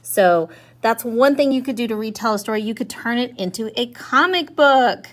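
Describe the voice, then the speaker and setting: A woman's voice: fairly high pitch, expressive, moderate pace. A woman teaching a lesson for children in an upbeat, encouraging way.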